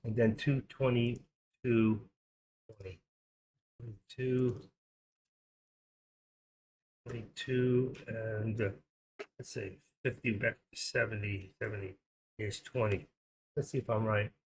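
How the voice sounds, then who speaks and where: A man's voice: lowish voice, fairly even intonation, slow pace, long pauses, slight background noise. A man in his sixties hosting a live stream, chatting in a rambling, opinionated way and reading off market numbers. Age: 60s.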